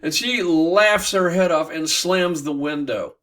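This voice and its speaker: A man teaching literature by retelling a bawdy classic tale in a playful, animated way. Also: fairly high pitch, measured pace, far from the mic.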